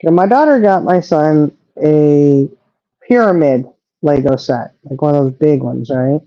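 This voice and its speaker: A woman's voice: low-pitched, unhurried, no room sound, muffled recording. A middle-aged woman chatting casually as a livestream co-host, rambling and trailing off as she talks. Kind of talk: casual chat.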